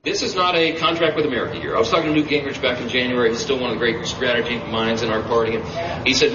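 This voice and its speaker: A man's voice: mid-range voice, fast. A man giving an emphatic campaign stump speech at a political rally. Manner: emphatic, animated rally speaking. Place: campaign event. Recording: roomy, distant, dull, noisy rally audio.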